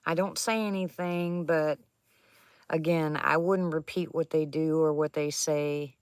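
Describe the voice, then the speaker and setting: A woman's voice: sits low, fairly even intonation, unhurried, clear, resonant tone, no room sound, clean studio sound. A woman chatting casually with viewers on a livestream from an attic at home, laughing often and answering them by name. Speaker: livestream host reading viewer chat.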